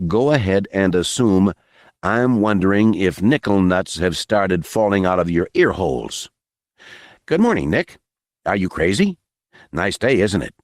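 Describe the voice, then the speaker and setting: A man's voice: lowish voice, no room sound, studio quality. A male narrator voicing a nervous, sarcastic young soldier who cracks jokes under pressure. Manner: sarcastic, jittery quips.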